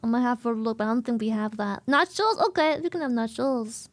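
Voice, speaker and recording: Rich: A woman with a notably high voice chats with her stream audience in a loose, playful way. She tosses in singsong little asides as she talks. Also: expressive, a little fast. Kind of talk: casual chat with viewers.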